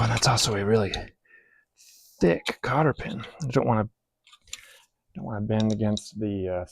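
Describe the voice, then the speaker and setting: A man's voice: on the low side, vocal fry, a little mellow, slight background noise. A man narrating casually as he takes a tractor apart in his workshop, thinking aloud and poking fun at himself. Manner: thinking aloud, self-deprecating, bursts of amused laughter. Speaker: hobby mechanic vlogger.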